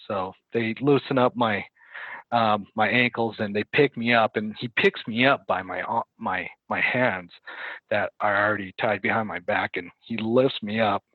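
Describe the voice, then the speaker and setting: A man telling a story in casual conversation as a podcast guest, halting and correcting himself as he goes, acting out what people said. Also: lowish voice, steady tone, no room sound. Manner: halting, self-correcting retelling with quoted dialogue. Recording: dry, tinny phone-like line.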